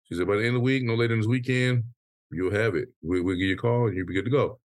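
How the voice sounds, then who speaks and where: A man co-hosting a casual podcast chat, venting with a profane, animated story full of quoted back-and-forth. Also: on the low side, rapid-fire, dry recording, clean studio sound. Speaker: podcast co-host.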